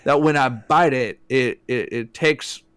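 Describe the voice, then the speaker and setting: A man's voice: mid-range voice, measured pace, a bit bright, smooth, no echo. A man riffing playfully with his co-host while they play a game on a live stream. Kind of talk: casual joking chat during a gameplay stream.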